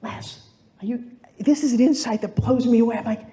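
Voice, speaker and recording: A middle-aged woman giving a motivational speech on stage, telling stories with lively acted-out quotes. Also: a little high, normal speed, pauses often, roomy sound. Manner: animated storytelling, acts out quoted voices. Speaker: motivational speaker. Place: stage in a large room.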